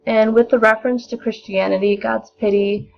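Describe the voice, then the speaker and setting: A young woman giving a measured, explanatory spoken analysis of a poem as a lesson. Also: on the high side, steady tone, creaky. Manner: measured, explanatory, occasional restarts. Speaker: student presenter. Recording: dull lo-fi recording.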